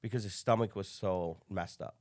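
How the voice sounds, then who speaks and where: A man's voice: low-pitched, normal speed. A man in his thirties from the Chicago area, a business coach telling stories as a guest in a casual podcast interview, acting out the dialogue he quotes. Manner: animated storyteller, acts out quoted dialogue.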